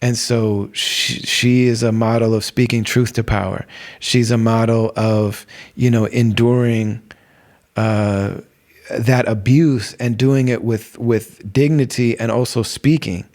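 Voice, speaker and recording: A middle-aged American man hosts a podcast in a loose, conversational way. He drifts through asides and restarts, leaning on fillers. His voice sits at an ordinary middle pitch. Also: fairly even intonation, takes it slowly, darkish tone. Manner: rambling, many fillers and restarts. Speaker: podcast host. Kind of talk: casual religious talk.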